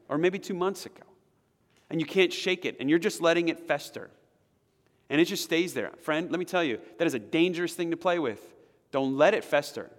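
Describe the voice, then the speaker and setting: Impassioned male pastor in a reverberant church. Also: medium pitch. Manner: impassioned, swinging from loud emphatic build-ups to hushed prayer. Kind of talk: sermon. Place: church sanctuary.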